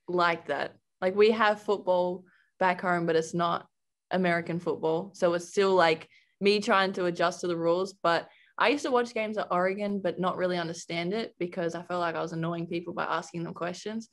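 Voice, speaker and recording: A woman's voice: on the low side, fairly even intonation, moderate pace. Chatty young Australian woman. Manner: chatty, laughs often, says "like" a lot. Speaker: college basketball guard. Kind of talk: casual interview chat.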